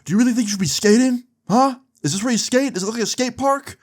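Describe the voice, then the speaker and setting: A man's voice: mid-range voice, animated, quick pace, close to an everyday voice. A man voicing a stern, angry male mall security guard who barks questions and warnings. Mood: scolding. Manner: barking, interrogating.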